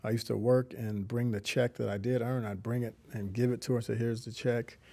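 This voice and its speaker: A man's voice: mid-range voice, level tone, brisk, gravelly, mellow. A middle-aged man giving an earnest, reflective faith testimony as an interview guest, often restarting his sentences. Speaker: guest, community founder.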